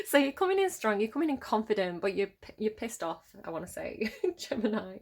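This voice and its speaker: A woman talks her viewers through a tarot reading in a loose, chatty way, breaking into laughter often. Her voice sits at an ordinary middle pitch, and she addresses the listener directly as if chatting with a friend. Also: very animated, a little fast. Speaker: tarot reader. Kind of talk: casual spoken tarot reading.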